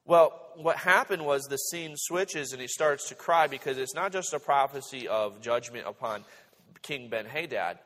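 Man preaching in a reverberant hall. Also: mid-range voice. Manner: animated storytelling, acts out the characters. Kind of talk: sermon.

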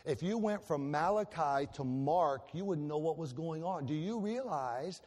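A man with a high, bright preaching voice delivers a sermon, swinging from loud excitement to soft earnestness. His voice carries a long reverb, as if filling a large church sanctuary. He talks like a storyteller, warm with homely examples. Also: unhurried. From Ohio, USA. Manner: animated storytelling with shifts between loud and soft. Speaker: pastor.

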